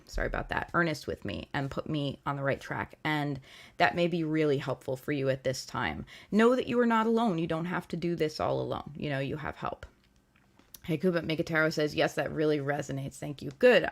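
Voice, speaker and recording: Chatty, low-voiced woman tarot reader. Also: moderate pace. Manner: chatty, rambling, playful, with many fillers and restarts. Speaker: tarot reader hosting a livestream. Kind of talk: casual livestream chat and tarot reading.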